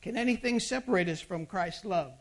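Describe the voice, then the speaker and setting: A pastor delivering a sermon, moving from loud emphatic bursts to hushed intimate asides and asking the congregation rhetorical questions. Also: medium pitch, animated, brisk, gravelly.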